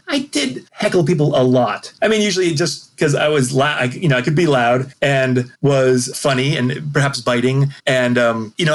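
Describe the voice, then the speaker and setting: A middle-aged man, a minister telling stories in a casual interview, joking and self-deprecating. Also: mid-range voice. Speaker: minister and podcast guest.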